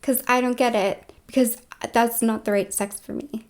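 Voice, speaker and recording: A woman's voice: on the high side, fairly even intonation, moderate pace. A woman vlogging in a casual, rambling monologue, full of filler words and with dips into whispered asides.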